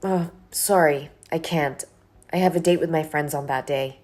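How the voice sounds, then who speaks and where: An actress playing a young office worker who firmly and politely pushes back against a colleague. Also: female voice, sits low, moderate pace, a little mellow, faint music behind. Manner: firm, exasperated, polite refusals. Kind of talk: scripted dialogue drama.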